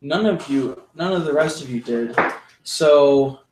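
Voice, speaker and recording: Calm man running a tabletop game. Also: a little high, a little slow. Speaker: dungeon master. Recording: echoey room with noise.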